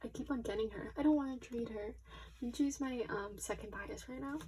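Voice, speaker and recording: A young woman unboxing albums at her desk in casual commentary. She gushes excitably, her voice shaky, often dropping to a near whisper. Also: fairly high pitch, a little fast, slight background noise, poor audio. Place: small room at her desk.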